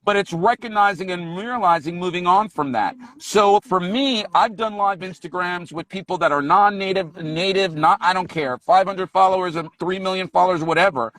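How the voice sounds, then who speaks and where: A man's voice: high-pitched, normal speed, hardly any pauses, a bit bright, no echo. A man, an English teacher, talking on a live video call, emphatic and repeating his key points. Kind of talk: casual live-stream conversation.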